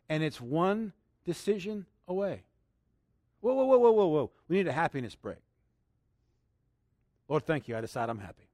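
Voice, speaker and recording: A man preaching with a high, buoyant voice that leaps up and down in pitch. He laughs often and swings between quiet asides and loud bursts. The sound is dry and close. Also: no room sound. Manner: exuberant, laughing, shifts between hushed and loud; leads congregation in a loud spoken declaration. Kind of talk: sermon.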